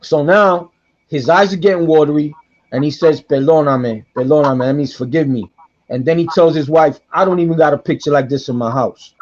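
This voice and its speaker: A middle-aged man tells a story on a podcast, keeping it lively and playing every voice in it himself. His voice sits high for a man, and the recording sounds dull and lo-fi. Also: a little fast. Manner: animated, acts out quoted voices, repeats himself. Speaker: guest storyteller.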